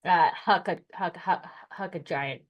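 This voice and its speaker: A woman's voice: fairly low pitch, unhurried, muffled recording. A woman playing a tabletop game, describing her character's moves in a gleeful, rambling way. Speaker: player.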